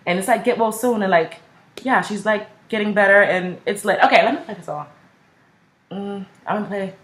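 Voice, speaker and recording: Gushing through a casual music reaction video, this young woman leans heavily on "like" and slang throughout. She speaks at a moderate pace in a mid-range, fairly bright voice, with the echo of the room audible.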